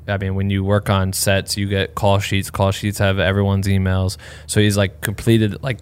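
A man's voice: lowish voice, smooth. A congested man who sounds sick, talking casually and candidly on a podcast, swearing freely and rambling with fillers.

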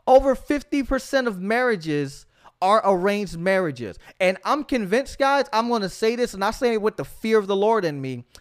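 Fervent high-voiced preacher man. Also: very animated, normal speed. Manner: fervent, exhorting, frequent "come on". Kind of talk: sermon-style podcast teaching.

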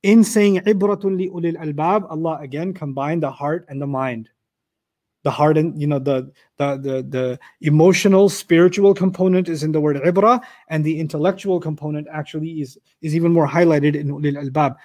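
A man with a high-pitched voice teaches a lesson on scripture. He talks in an animated way, throws rhetorical questions at his audience and rattles off Arabic verses quickly between explanations. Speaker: Quran teacher. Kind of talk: lecture on scripture.

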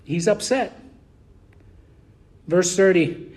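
A man preaching a sermon as pastor, reading scripture and speaking with passion, sometimes loud and sometimes slow and low. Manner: impassioned, shifting between loud emphasis and slow, low, deliberate delivery.

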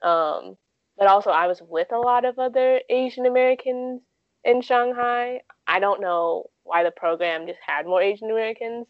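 A woman's voice: a little high, normal speed, dry recording, highs cut off. A woman in her twenties telling stories casually in an interview, with lots of "like" and "um" fillers. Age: 20s. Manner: chatty, frequent "like" and "um" fillers. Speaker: guest.

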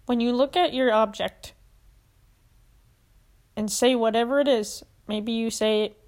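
Young woman podcaster, kinda high voice, earnest and emotional, walking you thru a self-help exercise. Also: steady tone, unhurried, long pauses, darkish tone. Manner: earnest and emotional, talks through tears at times. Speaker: podcast host.

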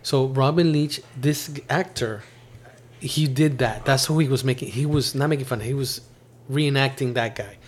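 A man hosting a casual chat at home, talking in an animated, rambling way with many restarts. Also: medium pitch, moderate pace, a little hiss or hum. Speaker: podcast host. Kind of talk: casual chat reviewing a TV series.

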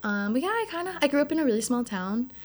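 A woman's voice: high voice, animated, fast. A woman from New Jersey, a podcast guest chatting casually, blunt and full of filler words, swearing freely. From Northern New Jersey. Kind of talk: casual chat.

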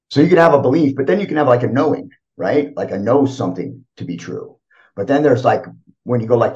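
A man's voice: on the low side, darkish tone. A middle-aged man talking casually as a podcast guest, rambling with lots of fillers and frequent "right?" checks. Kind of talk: casual reflective talk. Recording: dull lo-fi audio.

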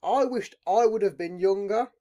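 A man's voice: sits high, normal speed, dark tone. A man hosting a podcast in a rambling casual chat, swearing constantly. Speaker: podcast host.

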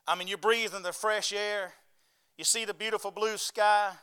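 A man's voice: high voice, fairly even intonation, normal speed, bright, forceful tone, clean tone. A man preaching a sermon in a folksy way, often calling out "right?" and "amen?" to his congregation. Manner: folksy, calls for amens and asks "right?". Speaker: pastor.

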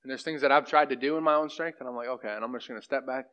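A man's voice: medium pitch, very fast, fairly bright tone, clean tone. A man teaching a church group in a casual, conversational way, often checking in with "right?". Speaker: pastor leading a group teaching. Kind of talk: informal sermon and discussion. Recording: dull lo-fi sound.

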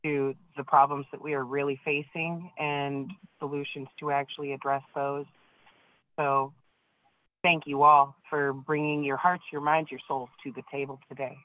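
A man's voice: a little high, flat delivery, normal speed, no echo. A man co-organizing a video call event, signing off in an earnest, emphatic way. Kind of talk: casual sign-off. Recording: dry, tinny phone-like call audio.

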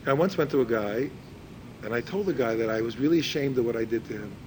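With lively intonation and a darkish tone, a fast-talking religious teacher delivers an informal lecture on a rough recording with slight background noise. He repeats words as he gropes for phrasing, and when quoting others he performs them in a higher voice.

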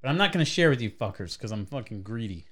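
Man, podcast co-host, average pitch, profane, mock-angry rants, casual chat. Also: very animated, fast talker.

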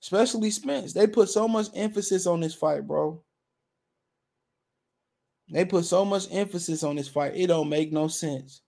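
A young man rants about boxing in a casual, blunt way. His voice sits high and has a gravelly edge. He hammers his points home with slang and repetition. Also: normal speed, pauses often, dark tone. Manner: blunt, emphatic, repeats phrases, slangy. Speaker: boxing commentator. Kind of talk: casual boxing opinion rant.

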